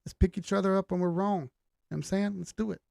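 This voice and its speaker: A man's voice: sits high, steady tone, fast, vocal fry, darkish tone, no room sound, studio quality. A middle-aged man, hosting a live stream in casual chat, greeting viewers by name with a laid-back manner and the occasional swear. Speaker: livestream host.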